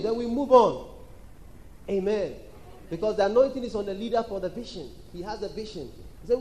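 A high-voiced man preaches with insistent repetition, calling on the congregation and shouting out quoted voices. His tone is mellow rather than bright. The sound is roomy, with a faint hum in the church hall behind him. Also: a little fast. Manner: emphatic, repetitive preaching with call-and-response. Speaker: pastor. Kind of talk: sermon. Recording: echoey church hall with faint background noise.

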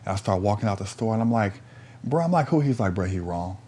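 A man telling a story in a casual, animated way, full of slang and profanity, repeating lines for emphasis. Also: on the low side, fast talker, breathy edge.

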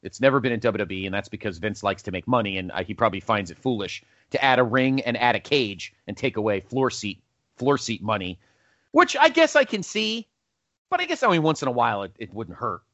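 Animated man hosting a rambling podcast. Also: lowish voice, fast talker, no room sound, lo-fi sound. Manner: rambling, self-correcting, animated. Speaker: podcast host. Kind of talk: casual wrestling podcast countdown.

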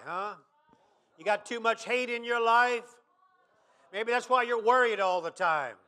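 A man pastor preaching a sermon, dropping quiet, then rising to shouted emphasis. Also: extremely high pitch.

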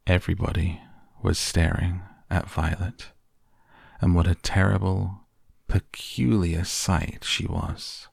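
A man narrating a children's storybook in a steady, deliberate manner. His voice is very low, with a husky, gravelly texture. The recording is close and dry. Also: dry recording. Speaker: audiobook narrator.

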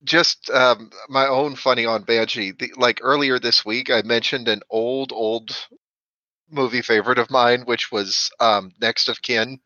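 A man's voice: medium pitch, fairly even intonation, measured pace, pushed and bright, dry recording. A man chatting casually at a tabletop game, rambling and repeating his words as he goes. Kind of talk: casual chat. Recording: dull lo-fi dry sound.

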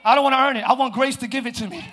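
A man preaching a live sermon as pastor, shouting and calling out to his congregation. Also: very high-pitched, steady tone, very fast, crowd noise, background noise. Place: church sanctuary.

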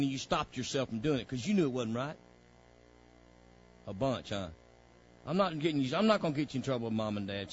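A man's voice: high voice, a bit bright, lo-fi sound. A man leading a Bible study lesson for young students, folksy and preacherly, often saying "praise God". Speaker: Bible teacher.

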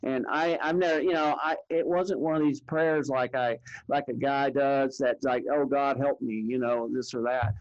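A man telling his own story of facing cancer, with halting speech and repeated words. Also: mid-range voice, fairly even intonation, highs cut off. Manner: halting, repeats words, quotes others plainly. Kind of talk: personal testimony.

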